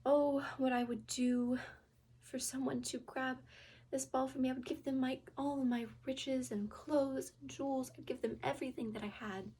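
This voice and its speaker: A woman's voice: high-pitched, steady tone, normal speed, mellow, husky. A woman voicing a spoiled, fickle young princess in a told fairy tale. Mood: pleading.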